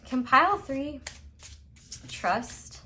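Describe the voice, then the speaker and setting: Extremely slow yet animated, this woman has a high, sharp-toned voice, with a little hiss or hum in the audio. She's a tarot reader running a casual pick-a-card session, emphatic and chatty, heavy on "like," casual swearing, and frequent laughs.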